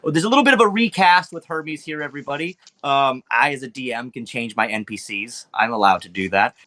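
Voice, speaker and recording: A man's voice: medium pitch, a little fast, sharp tone. A man as dungeon master, recapping the last session for his players in a loose, casual way, full of ums and swearing. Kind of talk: recapping a tabletop game for players.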